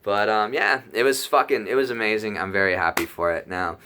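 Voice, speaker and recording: A young man telling a rambling personal story in a casual vlog, excitable and full of swearing and fillers. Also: fairly low pitch, brisk, slight background noise. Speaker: YouTuber telling a trip story.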